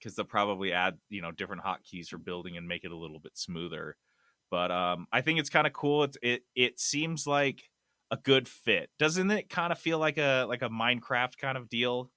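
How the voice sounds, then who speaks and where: Animated male gaming podcast host. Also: mid-range voice, normal speed, no room sound, clean studio sound. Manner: animated, hyping news items with loud bursts. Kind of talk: casual chat.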